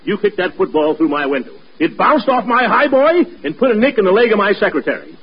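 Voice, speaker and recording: An actor playing a pompous, blustering neighbor in a 1940s radio comedy. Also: male voice, high voice, very animated, fairly quick, breathy edge, highs cut off, heavily acted. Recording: hissy old radio with studio audience.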